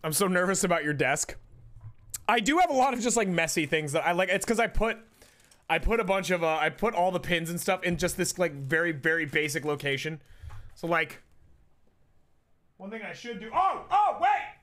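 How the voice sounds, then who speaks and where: A man's voice: high voice, big pitch swings, normal speed, a bit bright. A man streaming live, chatting casually in a rambling, profane way that keeps cutting itself off and restarting. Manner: rambling, profane, self-interrupting.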